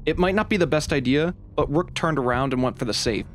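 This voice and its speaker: A man's voice: fairly high pitch, a little fast, slight background noise. A man hosting his channel, telling an adventure story from a game playthrough in an upbeat, dramatic storytelling manner. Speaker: channel host and narrator.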